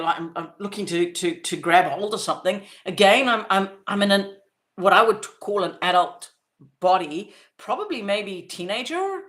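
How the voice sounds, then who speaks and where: A woman hosting a podcast, telling a personal experience earnestly, recalling as she goes with halting restarts and acting out quoted voices. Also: mid-range voice, fairly bright tone. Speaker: podcast host. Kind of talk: personal storytelling.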